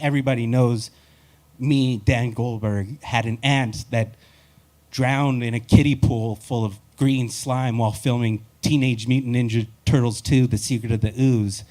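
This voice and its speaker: A man's voice: mid-range voice, a little mellow. Wry rambling male stand-up comic. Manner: wry, rambling and self-deprecating. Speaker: stand-up comedian. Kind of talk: live stand-up set.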